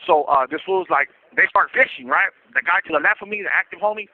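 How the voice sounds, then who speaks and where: A man tells his stories at a rapid clip, his voice a little high for a man. He talks in streetwise slang and slips into the voices of the people he describes. The sound comes through a narrow, tinny phone line. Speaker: guest telling prison stories. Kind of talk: casual storytelling over the phone.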